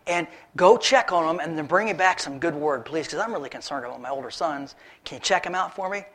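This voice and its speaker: A man's voice: fairly high pitch, animated, a little fast. A man voicing a concerned father sending his youngest son to check on his brothers. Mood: worried. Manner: gentle, concerned. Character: worried older father of soldiers.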